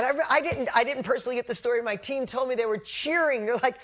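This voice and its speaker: Female coach, live motivational talk, blunt and high-energy, salty language. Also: fast, hardly any pauses. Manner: energetic, blunt, swears casually. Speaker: business coach. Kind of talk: motivational storytelling to a live group.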